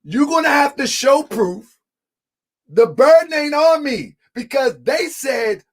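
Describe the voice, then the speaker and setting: A man in a heated live debate, speaking emphatically, often shouting, repeating lines for effect and calling the audience family. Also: extremely high pitch, sing-song, a little slow, slightly rough.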